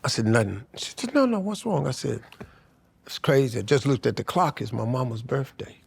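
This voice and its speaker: Gravelly older man telling emotional stories. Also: medium pitch, fairly quick. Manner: emotional storytelling, slangy and profane. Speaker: guest. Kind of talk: candid podcast conversation.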